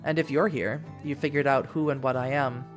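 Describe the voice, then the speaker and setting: A woman's voice: lowish voice, lively intonation, a little fast, faint music behind, lightly acted. A woman voicing a composed female vampire who speaks in a neutral, dispassionate way. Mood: cold.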